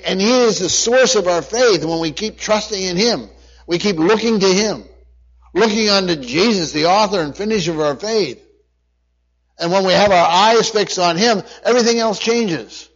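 A man preaching a sermon, reading scripture aloud and repeating key phrases earnestly. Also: sits high. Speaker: pastor. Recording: dull lo-fi recording.

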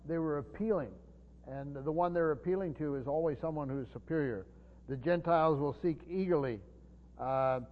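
A man teaching a Bible sermon as a pastor, earnest and explanatory, with frequent fillers and restarts. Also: on the high side. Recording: dull long-reverb hall sound.

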